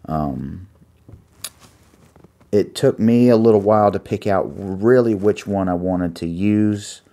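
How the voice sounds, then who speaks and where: A man preaching an earnest sermon, pausing to find his place and reading scripture aloud. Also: fairly low pitch, darkish tone. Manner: earnest, reads scripture aloud with pauses while finding pages.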